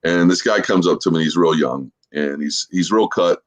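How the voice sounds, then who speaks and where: Man, 40s, from Florida, podcast guest, low voice, rambling casual storyteller. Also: normal speed. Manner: easygoing, rambling storyteller with many fillers. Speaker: guest, social media creator.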